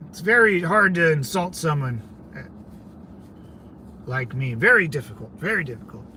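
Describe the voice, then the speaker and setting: At normal speed and with an animated delivery, a man on the high side of the pitch range sounds bright and forceful, with slight background noise. He's a California livestream host who rambles casually, responds to viewers, and says "man" and "dude" often.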